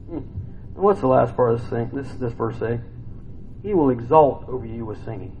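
Animated preacher man, lively swings. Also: moderate pace, a little hiss or hum, rough recording. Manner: swings from soft, low scripture reading to loud, excited exclamations; conversational, with rhetorical questions and hums. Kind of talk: sermon.

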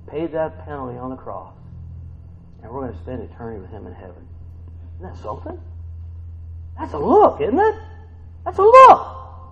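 A man preaches in a relaxed, conversational way, reading verses and then asking his listeners questions and acting out their replies. His pitch rises and falls a lot as he talks. The sound is thin and tinny, like it came over a phone line. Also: gravelly, slight background noise. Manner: conversational, asks the listeners questions, acts out quotes. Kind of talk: informal sermon with scripture reading.

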